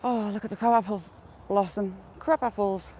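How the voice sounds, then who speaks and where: A woman's voice: medium pitch, fairly even intonation, normal speed, warm tone, a little hiss or hum. A woman live-streaming outdoors on a phone, chatting casually with viewers by name and cooing at animals as she walks. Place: outdoors in fields and hedgerows. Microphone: phone on a gimbal with headphone wire.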